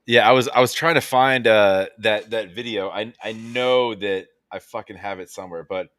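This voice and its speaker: A man's voice: lowish voice, normal speed, fairly bright tone, no room sound. Male co-host, casual stream chat, rambling and profane, dry close sound. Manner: rambling, lots of fillers and swearing.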